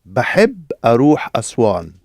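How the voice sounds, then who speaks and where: A man's voice: medium pitch, huge pitch swings, very fast, creaky, darkish tone, dry recording, studio quality. A man giving the model pronunciation of phrases in a language lesson and briefly explaining a word's meanings. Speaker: native-speaker model voice.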